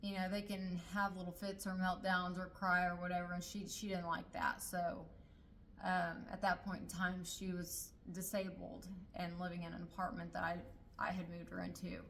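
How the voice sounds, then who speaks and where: Middle-aged woman talking it through, lots of ums, lowish flat voice. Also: normal speed, gravelly, a little hiss or hum, rough recording. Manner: hesitant, many fillers and restarts. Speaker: storyteller sharing a personal family story. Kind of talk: casual personal storytelling.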